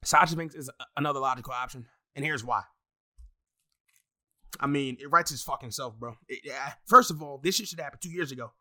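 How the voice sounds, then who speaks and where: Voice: medium pitch, brisk, bright, forceful tone. A wrestling fan in a casual, profane rant full of exasperated asides and heavy swearing.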